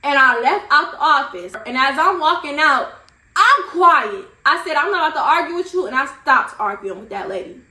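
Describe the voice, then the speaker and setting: A young woman vlogger telling a storytime in an animated, slangy way. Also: sits high, normal speed, roomy sound. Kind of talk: storytime vlog.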